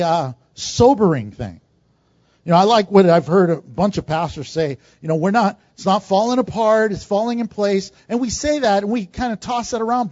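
High voiced pastor guy preaching, jokey and chatty, dull dry recording. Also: darkish tone, no room sound. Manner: conversational, joking with the congregation. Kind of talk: sermon.

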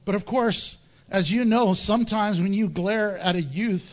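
A man with a notably high voice preaches a sermon, animated and playful, chuckling at his own wordplay. The recording sounds a little dull and muffled. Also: measured pace. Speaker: pastor.

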